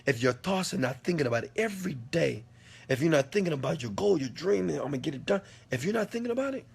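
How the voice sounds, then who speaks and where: A man giving an impassioned motivational talk, preachy and repetitive, swearing at times, his volume swinging from quiet to loud. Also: fairly high pitch, expressive, fast talker, vocal fry, husky. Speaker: motivational speaker answering a question.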